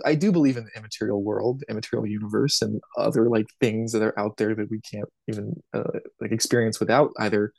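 A man's voice: fairly low pitch, creaky, a little mellow, no echo. A man as a podcast guest, talking casually, laughing often and swearing freely.

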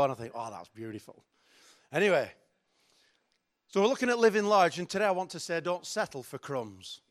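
A middle-aged man preaching a sermon in a chatty, joking, self-mocking way. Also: mid-range voice. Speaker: pastor.

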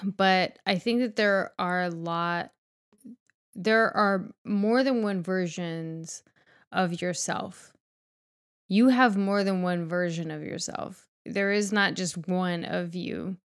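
A woman's voice: lowish voice, takes it slowly, clean tone. A woman co-hosting a podcast in casual chat, talking frankly, rambling with fillers and swearing freely. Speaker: podcast co-host.

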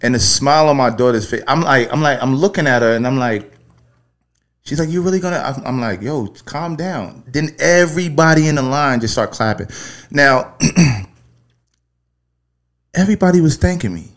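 A man hosting a call-in podcast, talking loosely and swearing often as he rambles through a story. His voice sits at an ordinary middle pitch for a man. He speaks in a relaxed, conversational way. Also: moderate pace, pauses often. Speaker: podcast host. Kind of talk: casual storytelling and call-in chat.

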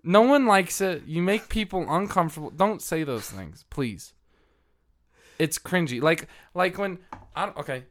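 A young man hosts a podcast, chatting casually with a friend. His voice sits fairly high and bright, and it swings widely as he jokes. He laughs often and slips into mock voices. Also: animated, measured pace. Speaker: podcast host. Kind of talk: casual chat.

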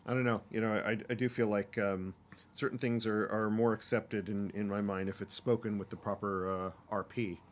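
A man's voice: fairly low pitch, level tone, normal speed. A man co-hosting a podcast, chatting casually and hesitantly with many fillers. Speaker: podcast co-host. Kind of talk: casual chat.

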